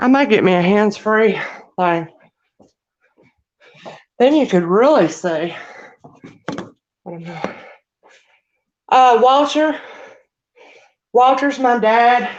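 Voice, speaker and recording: Slow-talking woman, breathless. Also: on the high side. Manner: chatty, folksy, addresses viewers as y'all. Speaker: vlogger. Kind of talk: casual live-stream chat while cleaning. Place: home, indoors. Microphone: phone set down while she moves around. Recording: roomy, dull phone audio.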